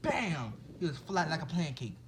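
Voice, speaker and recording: A man's voice: fairly high pitch, moderate pace, a little hiss or hum, low-quality recording. A man casually improvising a fan-fiction story, rambling along with restarts and asides to his listeners.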